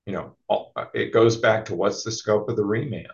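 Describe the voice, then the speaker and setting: A man making a halting legal argument at a hearing, with many fillers and restarts. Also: lowish voice, creaky. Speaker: party at a land-use hearing. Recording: dull lo-fi recording.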